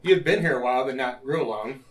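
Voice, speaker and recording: A man's voice: medium pitch, fast talker, recorded from a distance. A man hosting a podcast, easygoing, asking questions and mostly answering with short agreement. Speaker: podcast host. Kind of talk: casual podcast chat. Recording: roomy and off-mic.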